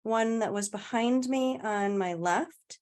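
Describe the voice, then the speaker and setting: A woman's voice: on the high side, slow, a little mellow. A woman guest in a casual conversation, telling a personal story in a chatty way, often laughing and trailing off mid-sentence.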